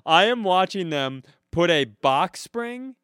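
Man telling a wild story with a smooth voice. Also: high voice, slow pace, dry recording, clean studio sound. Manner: animated, profane, laughs at his own story. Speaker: podcast co-host. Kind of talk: casual comedic storytelling.

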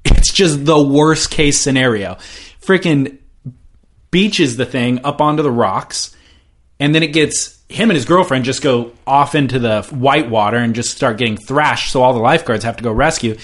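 A man's voice: mid-range voice, a bit bright. A man co-hosting a podcast, recounting stories in casual chat with wry, teasing remarks. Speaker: podcast co-host.

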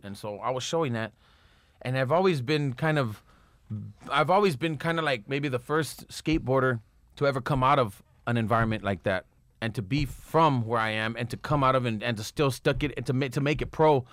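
A man's voice: medium pitch, a little fast, a bit bright, no echo. A man from Los Angeles, a pro skateboarder guest, telling a story in casual, profane street slang.

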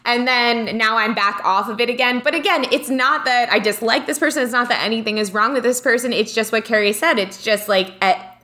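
Young adult woman, podcast co-host, bright and animated, casual conversational delivery. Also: fairly quick. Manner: animated, jumps up in pitch when quoting herself. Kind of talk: casual chat.

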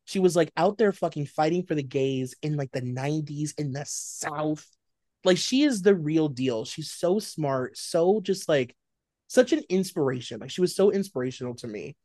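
A man co-hosting a casual pop culture chat, talking in an animated way and packing his sentences with filler words. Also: on the high side, moderate pace, dry recording, studio quality. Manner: chatty, many "like" fillers, animated storytelling. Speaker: podcast co-host.

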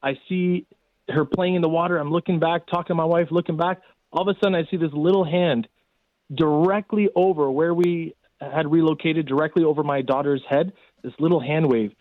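A man's voice: a little high, fairly even intonation, fairly quick, dry recording. A man in casual storytelling, rambling with many fillers as he recounts events. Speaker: guest telling a rescue story. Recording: tinny phone line.

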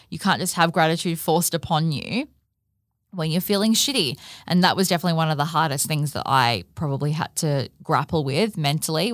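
A deep-voiced woman hosts a solo podcast, recorded at studio quality with no room sound. Her monologue is candid and casual, full of swearing and fillers like "like" and "you know."

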